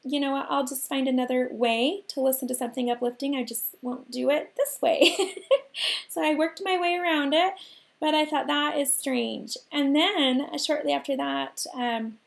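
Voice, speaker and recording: A woman in her thirties hosting a livestream from home, telling a personal story in an animated way and laughing often. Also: sits high, normal speed, vocal fry. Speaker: host.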